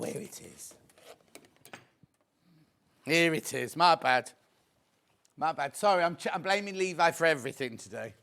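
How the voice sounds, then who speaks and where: A British man presenting on a TV shopping channel, chatty and excitable as he counts down stock and jokes with the crew. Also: a little high, vocal fry. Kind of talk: live TV shopping sales patter. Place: TV studio.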